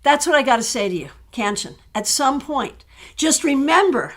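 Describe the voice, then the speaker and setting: A woman with a fairly high voice reads tarot for her viewers in a relaxed live-stream chat. She is animated and chatty and laughs easily between her answers. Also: normal speed.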